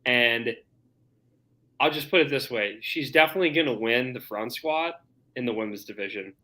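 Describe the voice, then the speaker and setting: Man, bright tense voice, podcast co-host, jokey storyteller, casual. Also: mid-range voice, normal speed. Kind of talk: casual chat.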